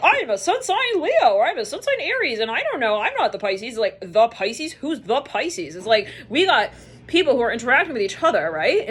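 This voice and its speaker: A woman's voice: a little high, a bit bright, husky. Chatty woman reading tarot. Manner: chatty, rambling, full of fillers and quoted voices. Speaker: tarot reader. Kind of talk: casual tarot reading monologue.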